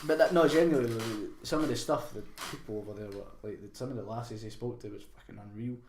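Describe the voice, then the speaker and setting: A man's voice: medium pitch, fast talker, a little mellow. A young man co-hosting a podcast, telling a sweary, laughing story in casual chat. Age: young adult. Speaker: podcast co-host. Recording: roomy with faint noise.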